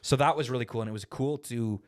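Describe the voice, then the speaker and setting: A man's voice: mid-range voice, fast. A man, chatting as a guest comedian and acting out quotes as he tells stories. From Canada. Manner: animated storyteller, acts out quotes and laughs. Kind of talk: casual podcast chat.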